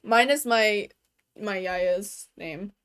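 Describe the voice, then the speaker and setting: A woman's voice: mid-range voice, very slow, fairly bright tone, smooth. A young adult woman chatting casually from her bedroom while streaming a game, talking loosely and swearing freely, with lots of "like" fillers. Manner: loose and profane, full of "like" fillers. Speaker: gaming streamer.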